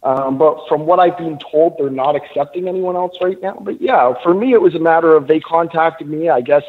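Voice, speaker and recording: A man from Canada, a guest phoning in to a live radio talk show, with a fairly high voice. He jokes at his own expense in easy, casual talk. The tinny phone line squeezes his sound. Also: fairly quick. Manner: joking, self-deprecating. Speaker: guest treasure hunter.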